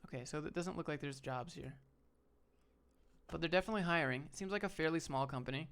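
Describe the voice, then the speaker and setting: Man, higher voice, smooth and resonant, casual livestream chat, blunt, swears offhand. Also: fast talker, fairly bright tone. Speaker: livestream host giving job advice.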